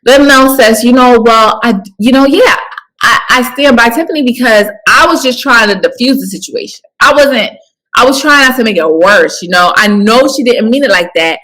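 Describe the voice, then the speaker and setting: A woman co-hosting a casual chat, retelling reality show scenes in a relaxed way with slangy asides. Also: a little high, normal speed, low-quality recording. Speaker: co-host.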